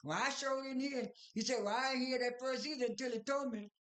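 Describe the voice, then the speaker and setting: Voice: high-pitched, fairly even intonation, a little fast, a bit bright, roomy sound. A speaker casually recapping a reality show at home, rambling through scenes with many fillers, restarts and retold dialogue.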